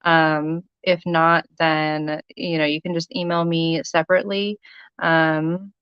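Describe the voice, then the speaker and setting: A woman's voice: low voice, little pitch movement, takes it slowly, clear, resonant tone, no echo, dull audio. A woman selling jewelry on a casual livestream, chatting with viewers by name with lots of ums. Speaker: live-sale jewelry seller.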